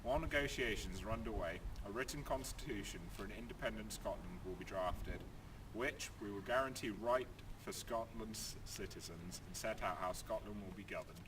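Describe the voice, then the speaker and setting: A man's voice: on the low side, moderate pace, close to an everyday voice. A man reading aloud as a political party leader, in a stiff read-aloud delivery. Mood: earnest. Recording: distant mic with background noise.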